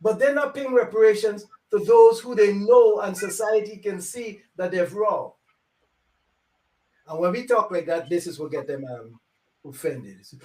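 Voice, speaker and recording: An older man speaking as an elder guest on a live show, preachy, repeating phrases for emphasis and swinging between loud and quiet. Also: high-pitched, a little slow. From Africa. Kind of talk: impassioned live show monologue. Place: home. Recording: roomy, distant mic.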